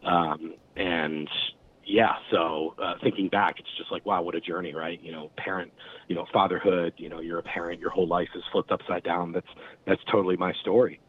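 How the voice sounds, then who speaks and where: A man's voice: low voice, flat delivery, normal speed, slightly rough. A man talking casually as a musician guest, rambling with lots of fillers. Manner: rambling, many fillers and restarts. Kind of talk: casual interview chat. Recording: tinny phone-like line, faint hiss.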